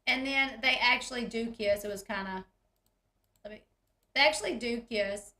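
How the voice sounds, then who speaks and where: Bright, chatty woman recapping. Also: on the high side, moderate pace, reverberant. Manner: chatty, giggly, retells scenes in quoted voices. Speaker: recap host. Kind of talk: casual reality TV recap.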